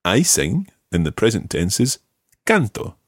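A man's voice: fairly low pitch, wildly swooping pitch, a little slow, slightly rough, no echo, studio quality. A man teaching Spanish one to one, patient, repeating each word for his student. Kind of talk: one-to-one language lesson.

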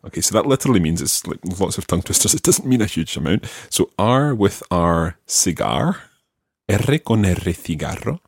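A man teaching pronunciation who explains patiently, models the sounds slowly and jokes about his own mistakes. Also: low voice, big pitch swings, creaky, slightly rough, dry recording, studio quality. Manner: self-deprecating. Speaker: language teacher.

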